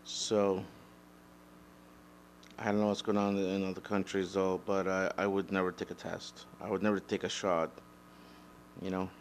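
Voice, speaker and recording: A man's voice: low voice, level tone, moderate pace, long pauses, a little hiss or hum. A man giving a solo opinion monologue, rambling and blunt, with profanity and frequent restarts. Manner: mocks imagined critics in a raised mocking voice. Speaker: podcast host.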